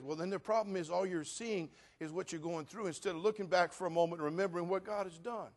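Male pastor, high voice, animated sermon delivery with big loud-soft swings. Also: fast, hardly any pauses. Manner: animated preaching, swinging between loud rants and quiet asides. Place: church.

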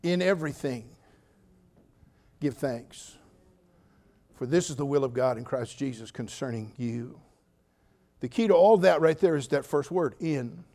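An older man preaching a sermon as pastor, telling funny stories with sudden loud outbursts, then speaking more quietly and earnestly. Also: medium pitch, measured pace, long pauses. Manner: humorous, animated storytelling with sudden loud outbursts. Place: church.

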